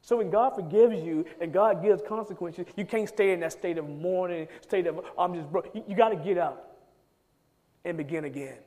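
High-voiced preacher with an emphatic, stop-start delivery. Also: male voice, normal speed, dark tone. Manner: emphatic, repeats words in bursts. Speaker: pastor. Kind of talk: sermon. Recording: long reverb of a large hall.

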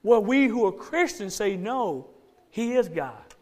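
A man's voice: high voice, big pitch swings, unhurried, darkish tone. A man with a Georgia Southern accent preaching a sermon as pastor, emphatic and repeating key phrases for stress.

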